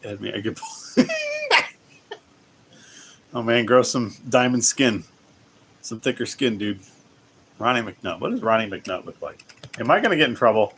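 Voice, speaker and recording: Rambling low-voiced male streamer. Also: animated, measured pace, long pauses, a bit bright, slight background noise. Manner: rambling, self-interrupting, laughs often. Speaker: livestream host. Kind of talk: casual livestream chat while gaming.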